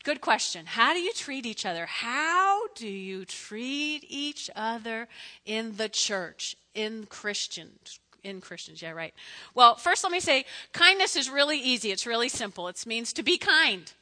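High, bright-voiced woman preaching. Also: unhurried. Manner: chatty, animated storyteller who questions the audience. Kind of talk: conversational sermon with personal stories.

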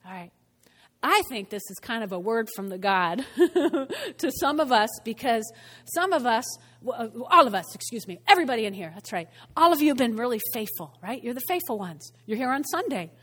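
A woman pastor preaching a sermon in a church, animated and conversational, often asking the congregation questions. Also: on the high side, normal speed. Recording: long church hall reverb.

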